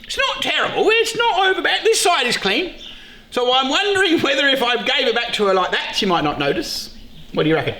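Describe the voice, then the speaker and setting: A middle-aged man hosting a casual beekeeping vlog, joking excitedly and swearing freely. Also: extremely high pitch, brisk. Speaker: beekeeper and show host. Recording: echoey room with loud background noise.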